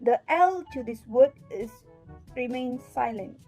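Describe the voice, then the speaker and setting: A young woman presenting a scripted pronunciation lesson, saying each example word slowly and repeating it for practice. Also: on the high side, expressive, warm tone, faint music behind, rough recording. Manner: slow, deliberate, repeats words for drilling. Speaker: student presenter.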